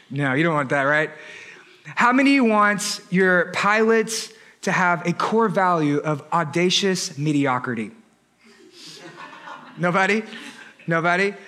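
A man preaching a sermon with humorous, lively storytelling and frequent asides. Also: on the high side, slow, pauses often. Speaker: pastor.

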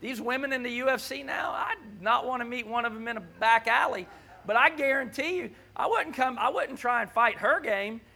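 Gravelly, bright-voiced preacher man. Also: very high-pitched, moderate pace. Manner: animated, keeps asking "right?". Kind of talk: conversational sermon. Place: church.

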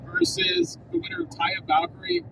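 A man's voice: extremely high pitch, little pitch movement, normal speed, creaky, distant mic. A man bantering as a podcast guest, wry and keen on wrestling facts, on a car ride. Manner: fact-checking, wry. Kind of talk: casual banter. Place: inside a car on a road trip. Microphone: away from the mic. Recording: off-mic in a noisy car.

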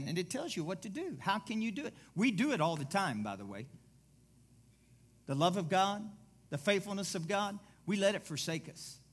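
A man's voice: high-pitched, fairly bright tone, husky. A middle-aged man pastor preaching a sermon with a personal story, rambling and digressive, repeating himself for emphasis.

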